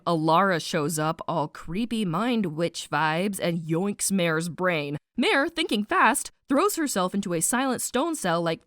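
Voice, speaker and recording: A woman narrating a snarky animated book summary, playful and sarcastic, with slang asides and spoken sound effects. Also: medium pitch, measured pace, few pauses, no room sound, studio quality.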